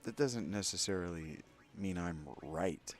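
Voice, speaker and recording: A man's voice: low-pitched, unhurried, soft background music. A man hosting a let's play, giving candid, opinionated gameplay commentary with rambling asides to his viewers.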